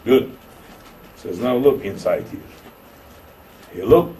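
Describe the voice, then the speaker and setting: A man's voice: measured pace, a little hiss or hum. Turkish-accented man preaching, distant mic. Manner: animated storytelling, acting out quoted voices with rising pitch. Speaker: Sufi shaykh. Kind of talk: sermon storytelling. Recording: distant mic with faint room ambience.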